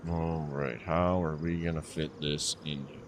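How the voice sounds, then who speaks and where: A man's voice: very deep voice, fairly even intonation, measured pace, background noise. A man streaming a survival game, talking to himself in rambling, joking commentary. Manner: rambling, joking self-talk. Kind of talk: casual gameplay commentary.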